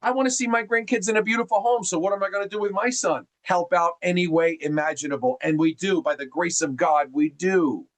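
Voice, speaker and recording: A middle-aged man from New Jersey speaks in a fairly high voice, running a group call like an animated seminar. He is folksy and keeps calling his listeners gang. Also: fairly quick, few pauses, rough recording. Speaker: mortgage presenter on a group call. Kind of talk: energetic seminar talk.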